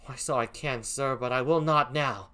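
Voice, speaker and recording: A man voicing Desdemona, a gentle young noble wife, with an attempted English accent in an amateur Shakespeare reading. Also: mid-range voice, moderate pace, close to an everyday voice. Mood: pleading.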